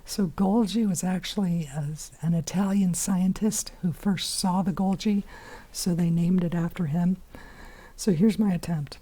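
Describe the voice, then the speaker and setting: A hoarse woman teaching biology in a chatty recorded lesson, with many fillers and whispery asides. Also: on the low side, measured pace, mellow.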